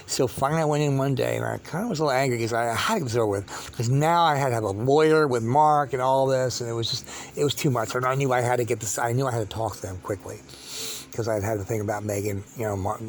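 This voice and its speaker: A man telling a long personal story as a vlogger, halting and repetitive, with many restarts and fillers. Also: medium pitch, a little hiss or hum.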